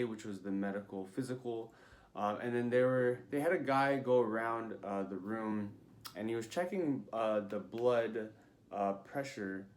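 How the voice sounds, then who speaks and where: A young man telling a story in a casual vlog, chatty and full of fillers, acting out what people said. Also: on the low side. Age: young adult. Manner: chatty, many fillers, acts out quotes. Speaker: vlogger.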